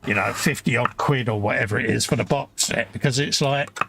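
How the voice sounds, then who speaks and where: Casting: male co-host, gravelly voice, rambling chat, faint hiss. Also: medium pitch, a little fast. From United Kingdom. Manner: rambling, many fillers like "you know". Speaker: live stream co-host. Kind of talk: casual live stream chat.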